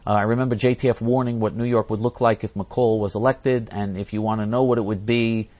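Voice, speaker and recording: A man's voice: on the low side, fairly even intonation, brisk, few pauses, a little mellow. A man hosting a talk show, reading out listener questions and ranting indignantly, repeating himself and restarting his sentences. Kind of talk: angry ranting monologue.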